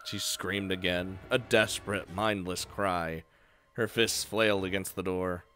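A man's voice: sits low, fairly even intonation, measured pace, sharp tone, soft background music. Young man reading a game aloud, joking. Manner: joking, swears, laughs between lines. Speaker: let's play player.

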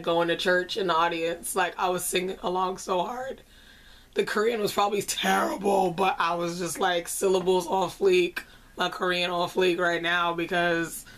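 A young woman in her twenties excitedly recapping a concert in casual vlog chat, slangy and laughing often. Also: lowish voice. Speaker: vlogger.

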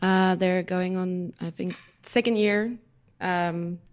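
A woman guest on a podcast panel who chats quickly and fills her talk with "like" and mock-cheery quotes. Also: on the low side, fairly even intonation, smooth. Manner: chatty, lots of "like", mock-cheery quoting. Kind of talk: casual panel chat.

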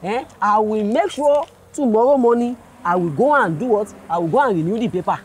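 A man's voice: high voice, fairly quick, slight background noise, close to an everyday voice. An actor with a Nigerian accent playing an older man motorist who stammers and pleads with a police officer in a comedy skit. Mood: pleading.

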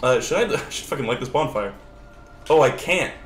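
A young man streaming a video game, chatting casually and excitably with swearing, sudden shouts and laughter. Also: mid-range voice, brisk, echoey room, slight background noise. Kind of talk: casual gameplay commentary. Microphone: older lower-quality desk mic.

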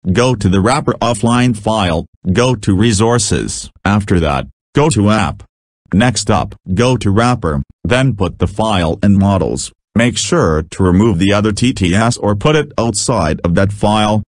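Low-voiced man giving a casual tutorial. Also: lively intonation, no echo, studio quality. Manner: slow, plain, slightly halting. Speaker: channel host.

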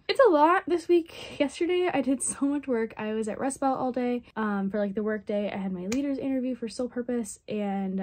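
A woman's voice: medium pitch, darkish tone. A twenty-year-old woman from southeastern Michigan talking casually to camera in a vlog, chatty and rambling with lots of "like" and "um". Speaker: vlogger.

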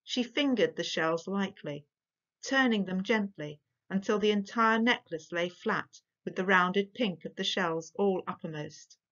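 A woman reading a storybook aloud as storyteller, measured and expressive. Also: mid-range voice. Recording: dull lo-fi recording.

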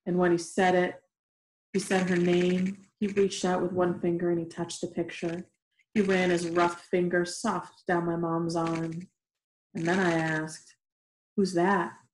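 A woman reading a novel aloud in a steady, gentle way, in an echoey room. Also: fairly low pitch, slight background noise. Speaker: reader. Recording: roomy echoey room recording.

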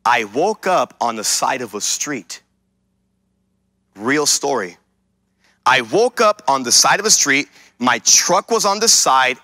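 A man's voice: medium pitch, bright, forceful tone, no room sound. A male pastor preaching a sermon, telling a personal story and making emphatic declarations to his congregation.

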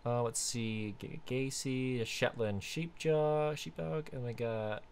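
A man hosting a casual let's-play, chatting through his game and now and then bursting into excited high squeals. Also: slow pace, slight background noise. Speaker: gaming video host.

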